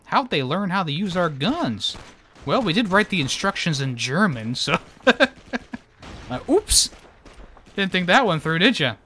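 Male streamer, bright voice, bouncy up-and-down delivery, jokey, laughs a lot. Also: sits high, big pitch swings, normal speed, a little hiss or hum. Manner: joking, laughs often, swears. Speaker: streamer playing a war game. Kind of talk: casual gameplay commentary.

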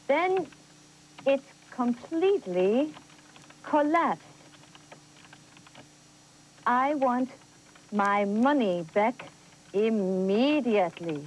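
A woman's voice: on the high side, animated, extremely slow, long pauses, a little hiss or hum, poor audio. An actress playing an earnest adult woman learning spelling, in a scripted educational TV lesson. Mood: annoyed.

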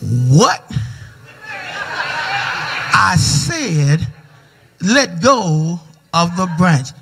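A preacher acting out God as a calm, patient male voice, slow and steady in a reverberant church hall. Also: vocal fry, breathy edge, soft background music, exaggerated voice. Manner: slow, steady, low reassuring delivery.

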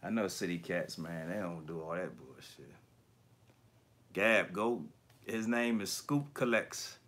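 A man hosting a casual livestream chat about collectibles, talking in slangy, profane bursts and animated storytelling. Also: sits low, takes it slowly. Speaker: YouTube collector channel host.

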